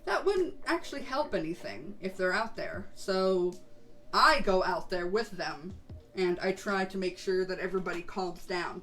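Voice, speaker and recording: Playing a game, this woman streamer, a VTuber, talks in a casual way, her voice mid-range and a touch bright. There's some rambling and plenty of laughter.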